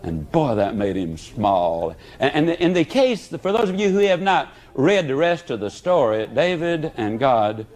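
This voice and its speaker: A man's voice: medium pitch, unhurried, hardly any pauses, low-quality recording. A man giving a motivational talk, telling folksy stories. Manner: folksy, animated storyteller. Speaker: motivational speaker. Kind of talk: motivational speech with storytelling. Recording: archival talk.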